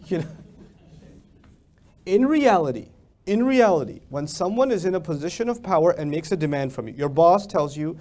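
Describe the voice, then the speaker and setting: Animated high-voiced male lecturer. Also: normal speed. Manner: animated, rhetorical questions, acts out mock dialogues. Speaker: lecturer on the Quran. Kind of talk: Islamic lecture.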